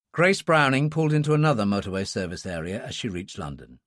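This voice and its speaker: A man narrating a thriller audiobook in a measured, expressive way. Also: fairly low pitch, dry recording, studio quality. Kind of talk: scripted narration.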